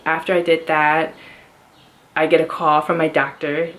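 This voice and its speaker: Low-voiced woman rambling through a story. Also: little pitch movement, normal speed, fairly bright tone. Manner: rambling, many fillers and restarts. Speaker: vlogger. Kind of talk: casual personal health update.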